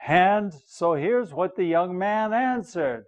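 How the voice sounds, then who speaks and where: A man's voice: high voice, lively intonation, slow, few pauses, narrow, tinny audio. An older American man teaching English, reading a story aloud and patiently explaining words while checking that listeners follow. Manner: patient, repeats phrases and checks understanding.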